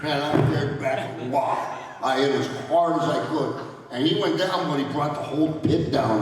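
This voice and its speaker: Male panel guest, chatty storyteller who laughs through his tales; a touch high, recorded far off in a big reverberant hall. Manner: rambling, laughs often mid-story. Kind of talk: anecdotal storytelling at a fan panel. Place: large convention hall.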